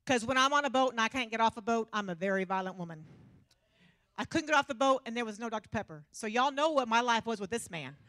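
A woman's voice: fairly high pitch, quick pace, no room sound, clean studio sound. A woman preaching a humorous sermon, telling stories animatedly and laughing often. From Texas. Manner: animated, self-mocking storytelling with frequent laughter.

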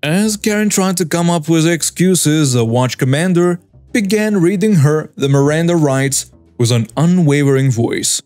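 A man's voice: a little high, measured pace, darkish tone, dry recording, faint music behind. A man narrating a dramatic story in a scripted read, addressing listeners directly.

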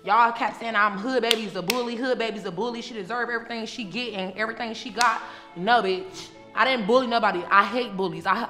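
A woman's voice: a little high, pushed and bright. Brash, foul-mouthed woman, loose unscripted tell-all, frequent laughs, roomy echo. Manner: brash and profane, laughs often. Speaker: reality TV personality looking back on her show. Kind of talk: casual unscripted monologue. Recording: echoey room with music underneath. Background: music.

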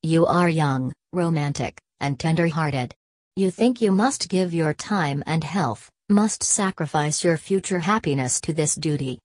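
A woman voicing a stern aristocratic mother who speaks in a cool, measured, commanding way. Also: low voice, animated, darkish tone, no echo.

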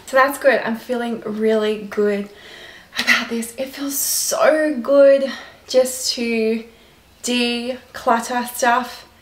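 A woman's voice: a little high, fairly even intonation, slow. A young Australian woman vlogging casually at home, chatty and rambling as she thinks aloud. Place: bedroom at home. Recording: echoey room, faint hiss.

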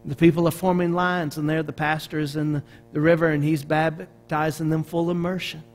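A middle-aged man from Arkansas with a Southern American accent, preaching a sermon as a pastor in an animated storytelling manner with frequent restarts. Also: fairly high pitch, a little fast, faint music behind.

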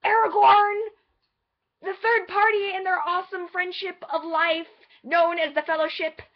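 A woman in a casual vlog, talking in an animated, sassy, enthusiastic way, on a slightly dull lo-fi recording. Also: very high voice, moderate pace. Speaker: vlogger.

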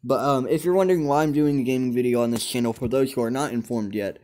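A man's voice: medium pitch, fast, warm tone. A young man hosts his own gaming video, commenting casually as he plays. He rambles and restarts often, sprinkling ums between thoughts, in a plain mid-range voice. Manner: chatty, rambling, many ums. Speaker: gaming channel host.

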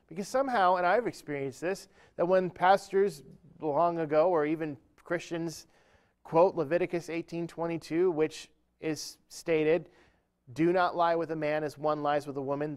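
A man's voice: on the high side, clean tone. Man telling a funny church story. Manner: humorous, self-deprecating storyteller. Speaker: speaker at a church event. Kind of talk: storytelling sermon talk.

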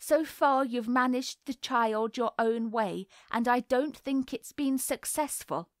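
A woman reading the lines of an anxious, earnest mother who speaks gravely with a slight tremble. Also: on the high side, slow, no echo, clean studio sound.

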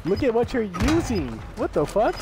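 A young man live-streaming a shooter game, trading profane, loud trash talk with his teammates. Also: sits high, very animated, normal speed, music in the background. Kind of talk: live gaming stream with voice chat. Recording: loud gunfire and game sounds behind. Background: shooter game audio, gunfire.

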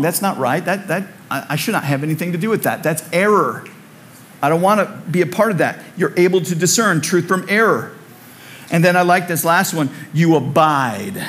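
A man's voice: a little high, a bit bright, a little hiss or hum. A man preaching a sermon in a church, conversational and repetitive, with humorous asides. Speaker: pastor. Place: church sanctuary.

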